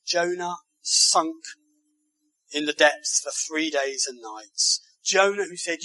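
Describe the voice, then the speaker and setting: A man delivers a sermon in a high voice, building his phrases with emphasis and turning to the congregation with rhetorical tag questions. His tone is bright and forceful, and the sound is dry and close, with no room echo. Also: slow pace. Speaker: preacher.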